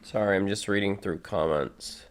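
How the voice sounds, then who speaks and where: A man hosts a casual live reaction stream, his voice sitting a bit low. He chats loosely and reads the viewers' comments out loud between thoughts. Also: normal speed.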